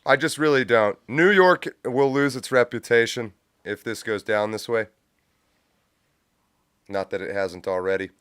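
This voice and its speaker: A man's voice: mid-range voice, a little slow, fairly bright tone, clean tone, no echo. A man hosting a live stream, giving blunt, profane reaction commentary from a home studio, close on a mic with a pop filter. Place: home studio with a cat nearby.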